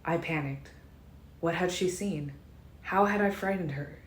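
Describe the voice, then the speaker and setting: A woman narrating a fan-made audiobook in a calm, measured first-person reading. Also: lowish voice. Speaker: audiobook reader. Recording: roomy echo, faint noise.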